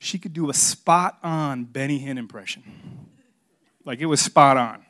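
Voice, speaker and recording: A man's voice: mid-range voice, a little slow, pushed and bright. A middle-aged man preaching a sermon, telling a funny story about himself in a joking, confessional way. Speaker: pastor.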